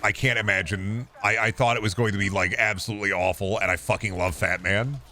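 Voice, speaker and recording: A man's voice: lowish voice, steady tone, brisk, bright, forceful tone. A man streaming a game, chatting casually and opinionatedly about movies, swearing often. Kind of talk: casual chat while gaming.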